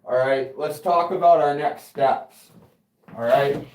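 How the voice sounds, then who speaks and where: A man with a somewhat high-pitched voice chats casually on a livestream as he works in a garage workshop. He rambles from one thing to the next, cracks jokes and swears freely, talking straight to his viewers. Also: slow pace, darkish tone. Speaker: livestream host. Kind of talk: casual livestream chat while working.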